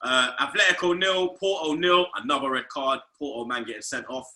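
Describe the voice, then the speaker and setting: Loud excitable football host. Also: male voice, medium pitch, fairly quick, reverberant, poor audio. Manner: loud, excitable, swears a lot. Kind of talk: casual football banter.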